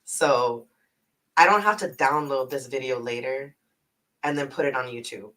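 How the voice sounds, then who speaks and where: Houston Texan accent, casual livestream chat, rambling, swears freely, bright tone, slightly off-mic laptop sound. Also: medium pitch, a little slow, distant mic, low-quality recording. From north side of Houston, Texas. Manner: rambling, full of 'like', swears freely, laughs often. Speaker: livestreamer and travel agent. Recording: voice a little off-mic.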